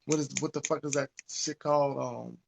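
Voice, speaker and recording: A man's voice: medium pitch, moderate pace, creaky, a little hiss or hum. A man, ranting with profanity in a casual podcast talk. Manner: animated, profane, preachy. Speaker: podcast host. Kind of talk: casual rant.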